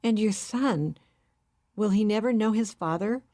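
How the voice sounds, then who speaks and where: Woman narrator voicing an anxious young mother, pleading, voice pitched up. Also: a little slow, warm tone, lightly acted.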